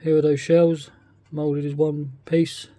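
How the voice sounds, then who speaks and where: A man's voice: on the high side, little pitch movement, takes it slowly, warm tone, dry recording. A man with a British accent, casually talking through a model kit unboxing, often hesitant and thinking aloud. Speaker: scale model kit reviewer.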